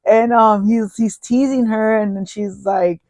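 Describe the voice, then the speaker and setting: A podcast host tells a personal story casually and ramblingly, swearing freely and restarting sentences. The voice is mid-range in pitch, steady and a little mellow, at a measured pace. The recording is dry and close with no room echo.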